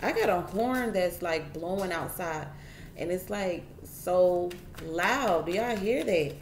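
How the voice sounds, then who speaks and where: A woman's voice: lowish voice, expressive, slow pace, roomy sound, slight background noise. A woman giving a casual tarot reading straight to her viewers, chatty and repeating herself as she goes. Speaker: tarot reader.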